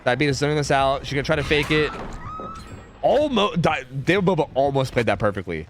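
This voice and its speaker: A man's voice: mid-range voice, sing-song, fairly quick, a little hiss or hum. A young man casting a game match live on stream, chatty and full of fillers, reading chat as he goes. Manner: chatty, many fillers, reads chat aloud. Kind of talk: casual live commentary. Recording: faint music behind.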